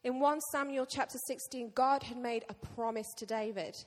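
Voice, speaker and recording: A woman pastor preaching a sermon to her church, lively and joking with the congregation. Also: a little high, normal speed. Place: church hall. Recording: long reverb of a church hall.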